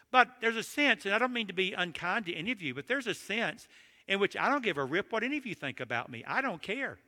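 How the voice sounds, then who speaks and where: An older man from Georgia with a Southern accent, preaching a sermon with animated, self-deprecating storytelling. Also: high-pitched, quick pace, in a large hall. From Georgia, USA. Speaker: pastor.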